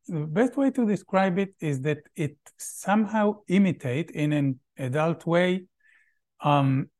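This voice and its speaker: A middle-aged man, a Hebrew speaker, speaking as a podcast guest in a thoughtful, halting way with many pauses. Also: a little high, darkish tone. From Israel. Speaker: guest, Feldenkrais practitioner. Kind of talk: podcast interview.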